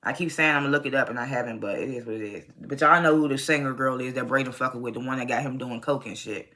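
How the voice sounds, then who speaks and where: A young adult reviewer recaps a TV episode in a loose, casual vlog, cursing freely and sounding openly exasperated. The voice is bright and sharp-edged, and it jumps up into animated rants. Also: mid-range voice, fast talker. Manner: blunt, profane and exasperated; animated, rising to loud rants. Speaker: TV show reviewer.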